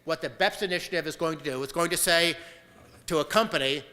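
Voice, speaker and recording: An American man lecturing at a conference with a slightly high, bright and forceful voice. He argues emphatically and leans on filler sounds between points. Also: brisk, in a large hall. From United States. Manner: emphatic, argumentative, frequent "uh" fillers. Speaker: conference speaker. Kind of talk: conference talk.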